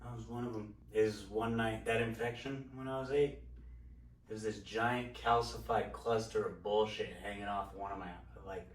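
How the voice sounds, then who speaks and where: A man's voice: on the low side, fairly even intonation, normal speed, far from the mic. Profane, rambling man heard from off-mic. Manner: candid, profane, rambling storyteller. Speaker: podcast host. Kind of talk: casual storytelling chat. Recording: roomy sound from off-mic.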